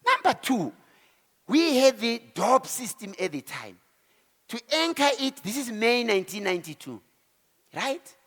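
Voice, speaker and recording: A South African man in his forties giving an animated motivational talk to a live audience, telling his story and acting out the voices of the people in it. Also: extremely high pitch, measured pace, pauses often. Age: 40s. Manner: animated storyteller who acts out quotes and exclamations. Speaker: keynote speaker. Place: event hall. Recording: hall reverb.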